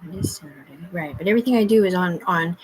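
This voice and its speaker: A woman's voice: on the low side, fast. A woman talking to her livestream in a rambling, agitated, heavily profane rant.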